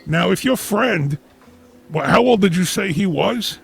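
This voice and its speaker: A man hosting a comedy call-in show, speaking in a deadpan, pompous, lecturing way. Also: high-pitched, measured pace, faint music behind. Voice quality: gravelly, raspy.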